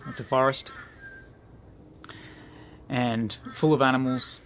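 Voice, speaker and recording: A man's voice: medium pitch, level tone, takes it slowly, a bit bright, a little hiss or hum. A man giving an earnest motivational talk to his group, repeating phrases for emphasis. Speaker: group leader.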